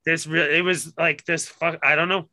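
A man's voice: a little high, little pitch movement, moderate pace, sharp tone, rough recording. A man co-hosting a podcast, telling anecdotes in casual, profane chat. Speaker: podcast co-host.

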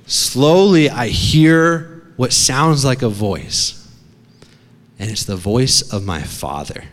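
A man preaching a sermon as a dramatic story, swinging from hushed to shouting. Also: mid-range voice, lively intonation, slow pace, big-room sound. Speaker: pastor. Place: church.

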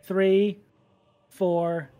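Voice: mid-range voice, little pitch movement, very slow, narrow, tinny audio, soft background music. Playful player doing math aloud. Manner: playful, joking, thinking aloud. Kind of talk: casual chat at a game table.

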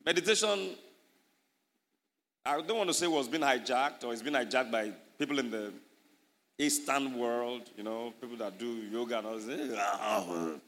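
Animated pastor in a reverberant hall. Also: male voice, medium pitch, measured pace. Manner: animated preaching, rising loud on key points, chuckles. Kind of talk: sermon.

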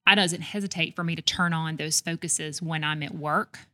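Woman, middle-aged, podcast guest, earnest and reflective, lowish voice. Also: fairly even intonation, bright, forceful tone. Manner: earnest, reflective, quick to list things. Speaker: guest, real estate executive. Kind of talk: casual interview chat.

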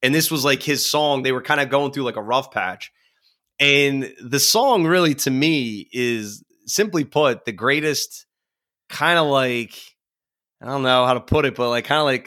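A man guesting on a music podcast, talking in an animated, rambling way full of "like" and bursts of laughter. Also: medium pitch, measured pace. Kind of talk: casual music podcast chat.

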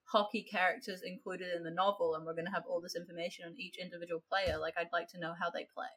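A woman with an Australian accent co-hosts a casual book chat podcast, ranting chattily and leaning heavily on "like" and other fillers. Her voice is fairly low, flat, a bit bright with a breathy edge, and she talks fast.

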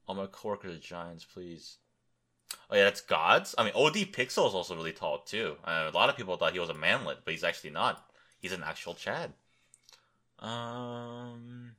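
A man's voice: deep voice, sharp tone. Tired, crude young man rambling on a podcast. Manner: crude, joking, wandering and thinking aloud. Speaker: podcast host. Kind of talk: rambling solo podcast chat.

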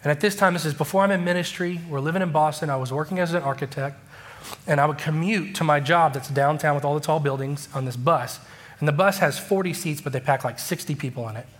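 Man, pastor, sermon, animated storytelling, voices his quoted lines, slightly high voice. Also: fast. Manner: animated, acts out quoted dialogue.

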